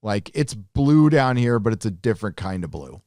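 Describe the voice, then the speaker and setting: A man's voice: fairly low pitch, big pitch swings, normal speed, mellow, dry recording, studio quality. A man hosting a live stream, reading viewer donations aloud and answering them with joking, profane, rambling asides. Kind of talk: casual live-stream chat.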